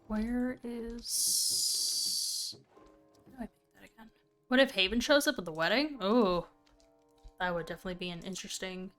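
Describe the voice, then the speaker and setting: A woman's voice: medium pitch, a bit bright. A young woman casually chatting and thinking aloud while she plays a game on stream. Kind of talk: casual gameplay commentary.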